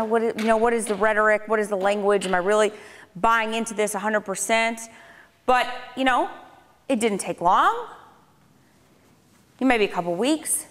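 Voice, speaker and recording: Woman speaker in an echoey hall. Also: fairly high pitch. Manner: conversational, with dry sarcastic asides. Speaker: public speaker. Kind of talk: personal testimony talk to a live audience. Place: lecture hall on a speaking tour. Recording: reverberant hall sound.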